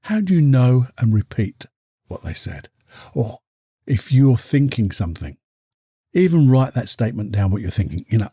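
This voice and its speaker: A man's voice: medium pitch, sing-song, moderate pace, mellow, husky, no room sound, studio quality. A man hosting a casual solo talk. He chats freely, acts out the people he quotes and keeps asking rhetorical questions. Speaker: podcast host and coach.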